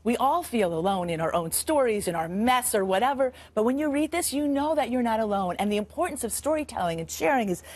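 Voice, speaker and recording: A middle-aged woman, an author, talking in a morning TV interview, animated and restarting her sentences often. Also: on the high side, brisk, few pauses. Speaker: author and guest.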